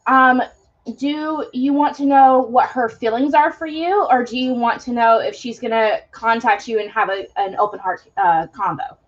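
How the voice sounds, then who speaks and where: A woman's voice: fairly high pitch, normal speed. Chatty young woman reading tarot on a dull stream. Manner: chatty, many fillers, spiritual talk. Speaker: tarot reader.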